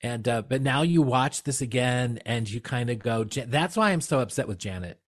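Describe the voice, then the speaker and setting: A man's voice: mid-range voice, lively intonation, moderate pace. A man co-hosting a casual film-review chat, rambling and laughing often, with apologetic asides. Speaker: podcast co-host.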